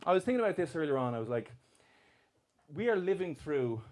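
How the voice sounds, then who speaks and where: A man's voice: fairly high pitch, big pitch swings, brisk, a little mellow. A man doing live stand-up comedy, bantering and swearing with the crowd in a mocking, brash way. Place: comedy club stage. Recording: live club recording with crowd noise. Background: crowd laughter.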